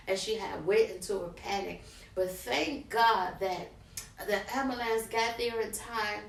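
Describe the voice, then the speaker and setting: A middle-aged woman vlogger, an animated storyteller speaking straight to her viewers. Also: medium pitch, gravelly, slight background noise. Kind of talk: personal story time. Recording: roomy, from a distance.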